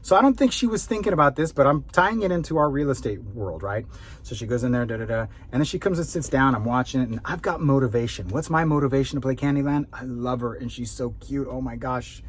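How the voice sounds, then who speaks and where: A middle-aged man coaching real estate agents, telling a family story in a casual, lively, self-mocking way. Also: mid-range voice, fast talker, a little hiss or hum. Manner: animated, self-mocking storyteller acting out quotes.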